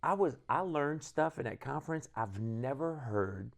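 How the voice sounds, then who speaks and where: A man telling his conversion story in casual conversation, animated and acting out the voices of people he quotes. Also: medium pitch, normal speed, gravelly. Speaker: guest, band leader.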